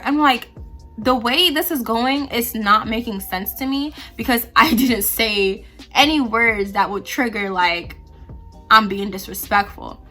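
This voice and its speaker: A woman's voice: a little high, normal speed, bright, forceful tone, soft background music. A young woman vlogger chatting casually through a story, quoting the people involved in her own voice. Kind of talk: casual storytime while doing her hair.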